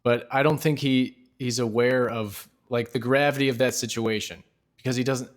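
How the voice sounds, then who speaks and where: A man's voice: mid-range voice, fairly even intonation, moderate pace. A man co-hosting a casual book-discussion podcast, thoughtfully laying out his own reading of the story. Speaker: podcast co-host.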